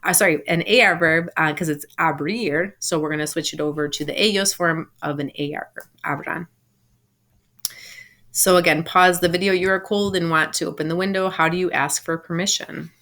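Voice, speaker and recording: A woman teacher giving a recorded lesson from home, explaining patiently and saying example phrases slowly and clearly. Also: fairly low pitch, steady tone, bright, forceful tone. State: home sick. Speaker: Spanish teacher.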